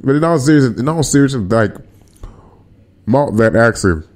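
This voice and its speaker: A man's voice: medium pitch, normal speed. A man hosting a podcast livestream, chatting casually with his viewers in slang. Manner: animated, slangy, talks to chat. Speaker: podcast host.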